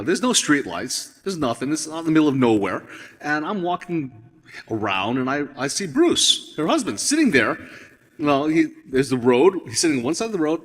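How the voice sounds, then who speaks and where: Brief: male storyteller from Hawaii, husky, reflective and rambling, reverb of a large hall. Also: fairly high pitch. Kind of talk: storytelling talk on stage.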